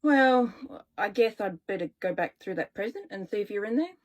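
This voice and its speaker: A woman's voice: mid-range voice, expressive, moderate pace, close to an everyday voice. A woman reading a flirty New York actor. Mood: teasing.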